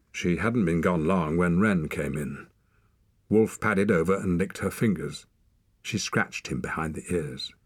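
An older man reading an audiobook in an expressive, lilting storyteller manner, close to the mic. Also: deep voice, husky, dry recording. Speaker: audiobook narrator. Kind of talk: audiobook narration. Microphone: close studio mic.

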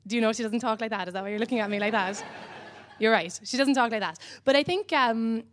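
A woman's voice: a little high, a little fast, a bit bright. Irish woman doing rambling stand-up. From Ireland. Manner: rambling, dry delivery with many "um"s. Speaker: stand-up comedian. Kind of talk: stand-up comedy. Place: comedy club stage.

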